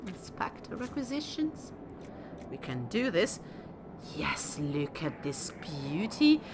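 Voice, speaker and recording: A woman casually commentating her game stream, chatty and excitable, sounding tired. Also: low-pitched, slow pace, noisy background. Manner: chatty, excitable, swears and laughs. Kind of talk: casual let's-play commentary.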